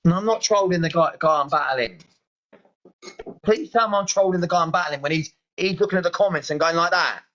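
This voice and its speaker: In a muffled recording, a British man talks briskly in a slightly high, somewhat bright voice. He's chatting casually on a live stream, exasperated and pleading, saying things again and again.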